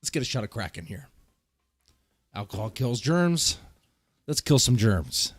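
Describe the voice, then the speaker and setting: A man with a stuffed-up nose rambles and jokes through a casual rant, winded and coughing now and then. His voice sits at an ordinary middle pitch. The sound is dry and close, with no room echo. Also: big pitch swings, measured pace, husky, soft background music. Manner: rambling, joking, with coughs and sighs. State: short of breath. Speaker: vlogger host. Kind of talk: casual ranting storytime. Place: home garage studio.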